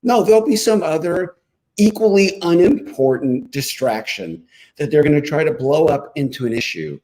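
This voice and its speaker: A man's voice: fairly high pitch, lively intonation, normal speed, a little mellow, low-quality recording. A man giving emphatic, combative political commentary as a guest on a talk show. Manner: emphatic, combative, punchy rhetoric.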